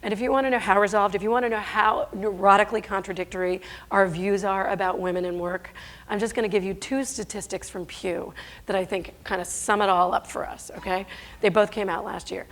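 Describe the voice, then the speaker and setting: A woman's voice: mid-range voice, fairly even intonation, fairly quick. A middle-aged woman giving a conference talk on stage, emphatic and rhetorical, sometimes stumbling and correcting herself. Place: stage before an audience.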